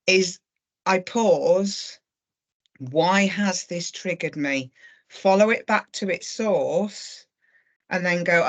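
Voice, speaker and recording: A woman's voice: fairly low pitch, slow pace, a bit bright. A woman in her fifties, a workshop participant, sharing her own experience in a reflective and candid way. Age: 50s. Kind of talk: personal sharing.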